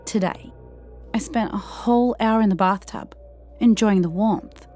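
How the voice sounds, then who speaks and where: A woman narrating a scripted first-person horror story in a tense, hushed way, sometimes slowing down or dropping to a whisper. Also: medium pitch, faint music behind.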